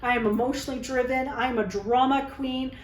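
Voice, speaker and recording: A woman's voice: high voice, fairly even intonation, brisk, roomy sound, a little hiss or hum, poor audio. A woman vlogger telling a personal story to camera in a candid, dramatic, chatty way, often tagging her lines with "okay?". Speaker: vlogger telling dating stories.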